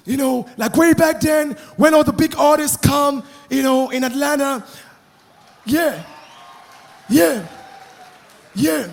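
A man with a Nigerian accent doing animated stand-up comedy, shouting his punchlines in pidgin. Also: very high voice, slow, creaky, long pauses. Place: live comedy venue. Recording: live stage with crowd noise and echo. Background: audience.

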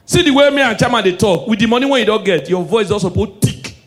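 A young man with a Nigerian accent doing a loud, animated stand-up comedy set, switching between Pidgin and English. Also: high-pitched, fast talker.

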